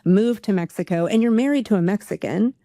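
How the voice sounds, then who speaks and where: An American woman hosts a relaxed interview and talks in loose, rambling questions. Her voice is mellow and warm, and it sounds dry and close with no room echo. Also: medium pitch, brisk. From United States. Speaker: podcast host. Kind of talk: casual interview conversation.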